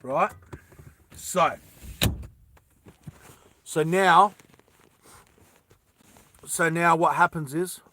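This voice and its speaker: A man's voice: on the high side, very slow, pauses often, a little hiss or hum. A man casually telling a movie story to his live chat, rambling with frequent restarts. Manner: rambling, animated, many restarts. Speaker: streamer pitching a film story.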